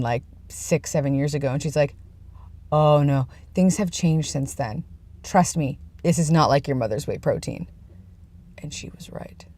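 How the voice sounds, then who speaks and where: A man's voice: fairly high pitch, darkish tone, no echo. A young man vlogging in a casual, rambling way, with self-deprecating asides, talking from his workplace. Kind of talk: casual chat.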